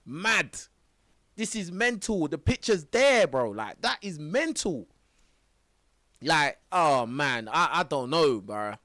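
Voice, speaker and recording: High, lively young streamer. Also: male voice, slow pace, no room sound, clean studio sound. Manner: laughing, exclamatory, heavy slang. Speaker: live streamer reacting to clips. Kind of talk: excited reaction commentary.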